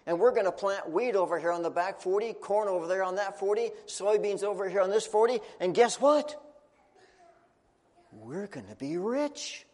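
An eager, boastful poor farmer dad exclaiming about getting rich, as a man puts him on. His voice sits high. It rings out in a reverberant hall. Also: brisk, hardly any pauses, a little mellow, lightly acted. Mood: excited. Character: poor excited farmer father, middle-aged.

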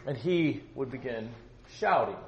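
A man preaching a sermon, telling a story with animated delivery and acting out the voices in it. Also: mid-range voice, unhurried, dull audio, slight background noise. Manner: animated, acts out voices in his stories. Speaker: pastor leading a Bible study. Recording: roomy, distant mic with faint ambience.

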